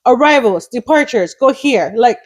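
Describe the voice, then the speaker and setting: A woman, chatting casually as a podcast co-host, blunt and quick to swear, now and then switching into Spanish. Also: fairly high pitch, lively intonation. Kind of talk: casual chat.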